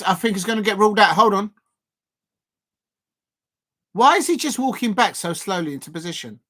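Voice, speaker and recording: A man hosting a live football watch-along, commentating in a rambling way with many fillers and restarts, excitable at key moments. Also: sits high, normal speed, pauses often.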